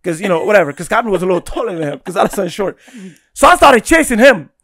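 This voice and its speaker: A young man from Guinea, a podcast guest telling a story in casual chat, animated and laughing, often checking in with "right?". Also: high voice, quick pace.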